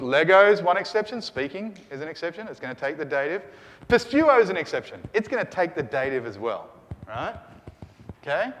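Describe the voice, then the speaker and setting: A man's voice: medium pitch, a bit bright. A man teaching a Greek grammar class, lecturing and often checking in with his students. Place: lecture hall. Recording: long hall reverb.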